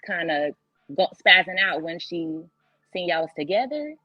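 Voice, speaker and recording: Female host, husky, measured, dry dull recording with faint music. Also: on the low side, lively intonation, dry recording. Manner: thoughtful, hedging. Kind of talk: casual chat.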